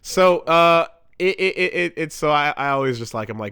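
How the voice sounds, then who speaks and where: A man's voice: fairly high pitch, animated, moderate pace, pushed and bright, clean tone, no room sound, studio quality. A Canadian man in his thirties co-hosting a podcast in casual chat, rambling with restarts and frequent swearing. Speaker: podcast co-host.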